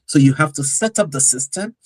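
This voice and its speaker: Man, podcast co-host, animated storyteller, slightly high voice. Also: fairly quick, no room sound, poor audio. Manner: animated storyteller, acts out quotes. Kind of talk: casual podcast chat.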